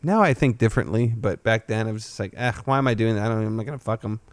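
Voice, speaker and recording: A man hosting a podcast and telling a long story in casual chat. He swears freely and jumps to a loud, high voice when he quotes himself. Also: quick pace, no room sound. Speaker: podcast host.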